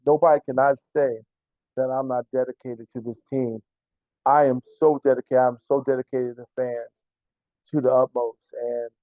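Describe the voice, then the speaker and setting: This man serves as a team's general manager and coach and answers interview questions earnestly, though he repeats himself and trips over words. His voice is mid-range. The recording comes over a tinny phone line, dry with no echo.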